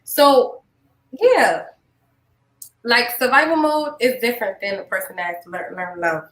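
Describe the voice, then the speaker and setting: Bright, high-voiced woman podcast host. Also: unhurried, echoey room, low-quality recording. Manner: animated, blunt and profane, laughs often. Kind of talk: casual podcast chat.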